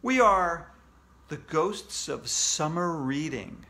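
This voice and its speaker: A man's voice: a little high, lively intonation, takes it slowly, bright, forceful tone, full character voice. Mysterious ghost librarian, teasing and sly, read by a man.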